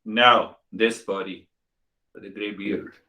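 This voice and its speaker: A man's voice: on the low side, steady tone, slow, sharp tone, poor audio. Older man teaching, emphatic and rhetorical. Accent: Indian English. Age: 60s. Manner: rhetorical, repeats questions, emphatic. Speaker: spiritual teacher. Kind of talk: spiritual talk.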